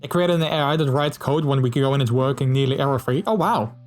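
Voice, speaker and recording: A man's voice: mid-range voice, quick pace, a little mellow, soft background music. A man streaming casually, reading out viewer messages and chatting in a friendly way, with many fillers and restarts.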